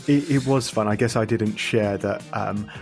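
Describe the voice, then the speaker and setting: A man's voice: lowish voice, moderate pace, darkish tone, soft background music. A man co-hosting a podcast in casual chat, playful and often restarting his phrases. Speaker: podcast co-host.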